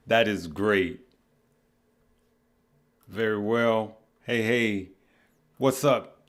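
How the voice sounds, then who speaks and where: A middle-aged man hosting a casual livestream, greeting viewers by name in a relaxed, heartfelt way. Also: medium pitch. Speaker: livestream host.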